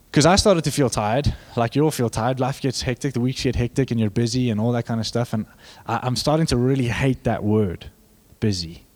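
A young man preaching a sermon, animated and joking with the congregation, building to fervent emphasis. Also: mid-range voice. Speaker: pastor.

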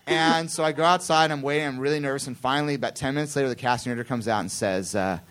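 A man on a theatre stage spins a rambling, self-deprecating story. He slips into quick impressions of the people in it, and his voice sits at an ordinary middle pitch. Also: a bit bright. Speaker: comedian guest telling a story. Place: theatre stage before a live audience.

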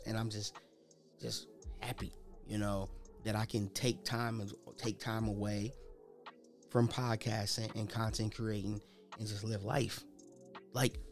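A young man hosting his own podcast, talking unscripted in a loose, rambling, slangy way. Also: lowish voice. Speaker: podcast host. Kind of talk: unscripted casual monologue.

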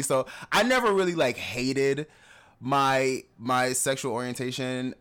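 A young man co-hosting a podcast, his voice at a medium pitch. He tells personal stories in a candid, casual way, laughs often and gets animated when he imitates other people. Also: unhurried, clear, resonant tone. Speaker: podcast co-host. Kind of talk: casual conversational storytelling.

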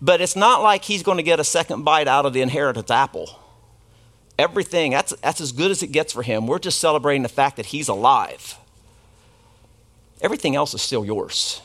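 A man's voice: on the high side, fairly bright tone. A man who is a pastor, preaching a sermon in a conversational storytelling way, with asides and questions to the congregation.

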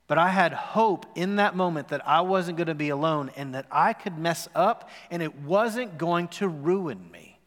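A man's voice: fairly high pitch, measured pace, few pauses, fairly bright tone. A man in his forties preaching a sermon as pastor, telling a story and asking the congregation questions. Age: 40s. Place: church sanctuary. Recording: long reverb in a worship hall.

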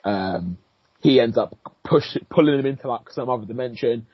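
Husky-voiced man. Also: medium pitch, moderate pace, no room sound. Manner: slangy, excitable, full of "like" and swearing. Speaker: podcast co-host. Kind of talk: casual chat, recapping an episode. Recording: dull lo-fi, dry.

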